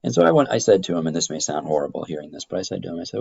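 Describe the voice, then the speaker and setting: A middle-aged man teaching a high school government class, rambling through explanations and stories with many fillers and restarts. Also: lively intonation, rapid-fire, vocal fry, darkish tone, slightly rough, muffled recording. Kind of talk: classroom lecture.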